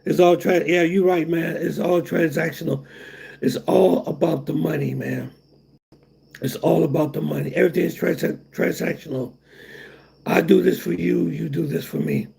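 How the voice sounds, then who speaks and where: A man's voice: fairly high pitch, fairly even intonation, moderate pace, vocal fry, warm tone, husky. A middle-aged man hosting a casual livestream, rambling and repeating himself while answering chat comments. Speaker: livestream host.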